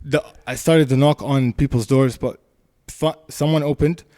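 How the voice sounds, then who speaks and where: A man telling a story in casual podcast chat, animated and laughing, acting out voices. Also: mid-range voice, moderate pace.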